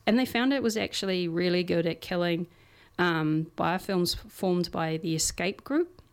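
A woman's voice: lowish voice, vocal fry. A woman co-hosting a casual science podcast, explaining research in a chatty way with everyday examples and frequent fillers.

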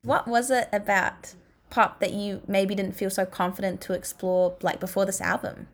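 A woman's voice: medium pitch, little pitch movement, moderate pace. A woman interviewer asking questions in an upbeat, casual way and laughing often.

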